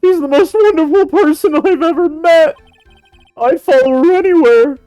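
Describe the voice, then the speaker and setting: Brief: woman voicing a goofy young man, stammers and gushes, high-pitched. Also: moderate pace, mellow, no room sound, muffled recording, faint music behind. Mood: gushing. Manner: stammering and gushing. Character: goofy, flustered young man, lovestruck and dramatic. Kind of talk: fan dub of a game.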